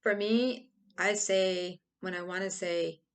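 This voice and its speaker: In her own video, this host explains a topic in a relaxed, rambling monologue, playing out goofy examples. She speaks slowly with a medium-pitched, steady voice.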